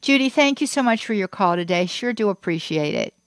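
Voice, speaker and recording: A woman's voice: medium pitch, animated, fairly quick, no echo. A woman hosting a call-in radio show, laughing easily and affirming her callers. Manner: warm, affirming, laughs often.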